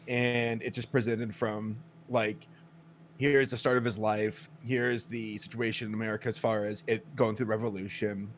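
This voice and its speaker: A man co-hosting a casual podcast chat, telling stories with lively acted-out quotes and frequent swearing. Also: mid-range voice, slight background noise. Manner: animated storyteller, acts out quotes, swears. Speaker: podcast co-host.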